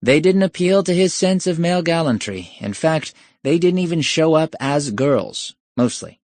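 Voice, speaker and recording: A man's voice: fairly high pitch, lively intonation, normal speed, a little mellow, no room sound. A man reading an urban fantasy short story aloud in a wry, sardonic storytelling style. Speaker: audiobook narrator. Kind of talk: scripted narration.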